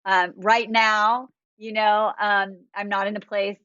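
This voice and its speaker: Female podcast host, chatty and animated, dry and a little dull on mic. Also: medium pitch, takes it slowly, clear, resonant tone, no echo. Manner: chatty, animated, many fillers. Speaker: dating coach and podcast host. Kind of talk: casual podcast chat.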